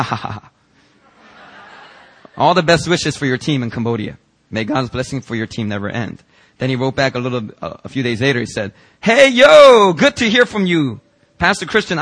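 A man pastor preaching a sermon in church, telling stories and reading out emails with lively emphasis. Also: mid-range voice, slightly rough.

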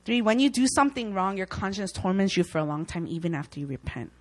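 A woman's voice: medium pitch, expressive, fast, rough recording. Young woman, Christian speaker; informal, heartfelt Bible talk, conversational, acts out doubts. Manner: earnest, conversational, acts out worried inner voices.

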